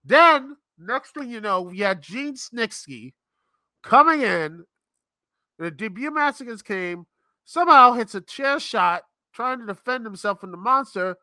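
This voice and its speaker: A man's voice: very high voice, lively intonation, measured pace, sharp tone, dry recording, clean studio sound. A man hosting a live-stream show, ranting in an exasperated, rambling, sarcastic way. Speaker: podcast host. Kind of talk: live-stream commentary rant.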